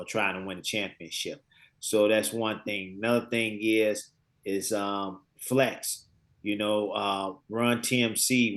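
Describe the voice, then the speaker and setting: A man in his fifties, a guest on an interview podcast, telling lively stories and acting out conversations, often repeating words as he searches for what to say. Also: lowish voice. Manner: lively storyteller who acts out quoted dialogue. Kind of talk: casual interview storytelling.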